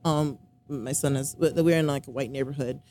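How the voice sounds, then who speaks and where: A woman's voice: a bass voice, steady tone, a little fast, dark tone, a little hiss or hum. A woman casually telling a personal story, rambling with lots of fillers and quoting what others said. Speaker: storyteller recounting a relationship. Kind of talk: casual conversation.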